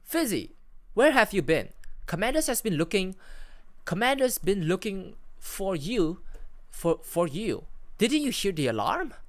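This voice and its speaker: A streamer voicing a startled, raspy-voiced comrade speaking over a walkie-talkie in an interactive story. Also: medium pitch, very animated, no room sound, pitched above the performer's own voice. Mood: alarmed. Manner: urgent, rapid, startled. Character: frantic radio voice of a platoon comrade.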